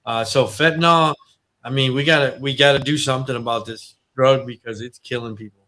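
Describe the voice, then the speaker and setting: A man's voice: mid-range voice, fairly even intonation, a little fast, pushed and bright. A man hosting a casual talk show, reading out a news item and reacting to it. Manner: reads news items aloud, chimes in briefly. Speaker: podcast host.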